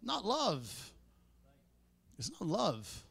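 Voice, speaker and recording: Guy preaching in church, kinda high voice, chatty then suddenly loud, dry sound. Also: wildly swooping pitch, drawn-out words, vocal fry, breathy edge, no room sound. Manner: conversational preaching with sudden loud emphatic peaks. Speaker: pastor. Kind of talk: sermon.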